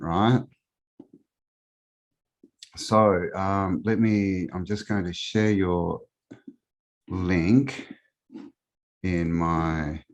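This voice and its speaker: A man's voice: sits low, a little mellow. A man with an Australian accent, a guest on a live stream, talking in a rambling, casual way with many fillers.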